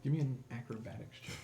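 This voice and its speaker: Casual male game master, mellow and roomy. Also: medium pitch, vocal fry. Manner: casual, halting narration with fillers and restarts. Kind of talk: narrating a tabletop game.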